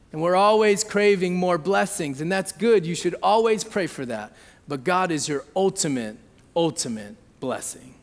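A man in his thirties preaching a sermon, telling a family story conversationally and often checking in with the audience. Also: high voice. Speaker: pastor. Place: church hall. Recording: long hall reverb.

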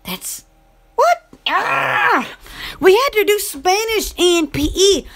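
A young woman from Alabama chatting casually on a live stream, greeting viewers in a scattered, excitable way. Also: very high-pitched, slow. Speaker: channel host.

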